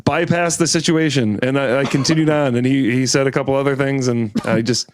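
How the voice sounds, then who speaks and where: A man's voice: mid-range voice, steady tone, a little fast, a little hiss or hum. A man from Michigan telling exasperated, profane stories in a casual chat. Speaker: podcast co-host.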